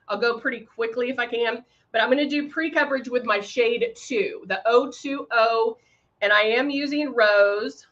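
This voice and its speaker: Chatty woman, bright livestream voice. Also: on the high side. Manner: chatty, greets viewers by name, many fillers. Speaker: makeup demonstrator hosting a livestream. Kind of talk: live makeup tutorial chat. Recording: slightly dull livestream audio.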